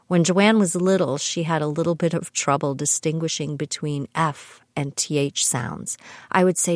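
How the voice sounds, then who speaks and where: Woman, middle-aged, from Canada, low-pitched, dry room, wry scripted storytelling. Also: moderate pace, a little mellow, no echo. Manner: dry, wry humor with laughs. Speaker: podcast host.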